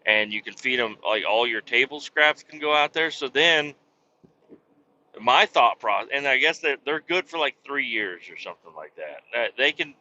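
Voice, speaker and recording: Man with a bright, rambling, profane voice. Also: mid-range voice, lively intonation, normal speed, highs cut off, slight background noise. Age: adult with young children. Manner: rambling, profane, with many restarts. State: hiccuping. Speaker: podcast host. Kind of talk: casual rambling monologue.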